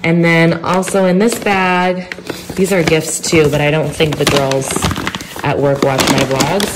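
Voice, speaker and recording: Young woman vlogger, stuffy nose, low pitch, casual chatter. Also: heavy background noise. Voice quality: nasal. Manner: chatty, gushing, talks in a sing-song voice to her dog. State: congested with a cold. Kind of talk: casual vlog chat.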